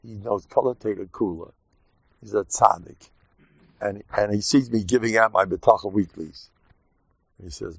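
A man giving an informal, joking Torah talk to his class, lively and animated. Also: medium pitch, normal speed, dry recording. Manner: animated, jokey, mixes Yiddish and Hebrew terms. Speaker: rabbi teaching a class. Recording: dull dry lo-fi sound.

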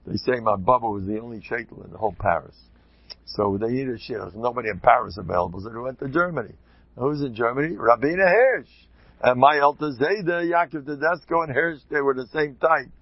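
A man, a rabbi, giving an informal talk to a group, an animated, joking storyteller who sprinkles in Yiddish and Hebrew terms. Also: mid-range voice, brisk, dry recording, muffled recording.

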